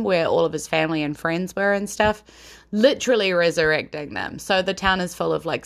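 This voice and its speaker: Gravelly-voiced New Zealand woman podcaster. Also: lowish voice. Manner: chatty and rambling, quick to laugh. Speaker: podcast host. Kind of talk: casual chat.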